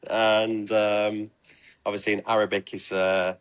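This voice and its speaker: A man's voice: lowish voice, level tone, unhurried, smooth, no room sound. A man answering interview questions casually, hesitant and full of fillers.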